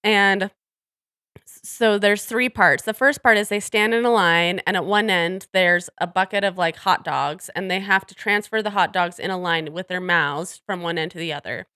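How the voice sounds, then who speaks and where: A woman's voice: lowish voice, normal speed, sharp tone, clear, resonant tone, dry recording. Chatty woman podcast co-host, dry mic. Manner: chatty, laughs often, trails off mid-thought. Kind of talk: casual chat.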